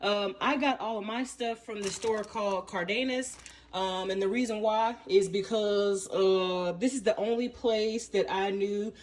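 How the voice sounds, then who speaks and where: A woman's voice: medium pitch, measured pace, recorded from a distance. A woman, chatting through a home cooking demonstration in a folksy, storytelling way full of fillers. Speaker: cooking vlogger. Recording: roomy echo, mic set back, faint room noise.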